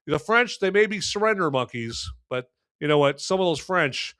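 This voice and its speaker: Folksy male podcast host, loose and rambling, clear voice, dry booth sound. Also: a little high, expressive, normal speed, a bit bright, no echo. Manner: rambling, folksy, many fillers and restarts. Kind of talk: casual live-stream beer review.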